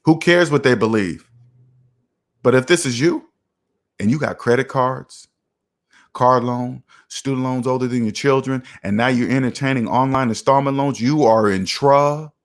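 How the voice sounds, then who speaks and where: A man's voice: medium pitch, moderate pace. A man hosting a finance livestream. He lectures emphatically, repeats lines for effect and answers chat comments in a preachy manner. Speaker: finance channel host.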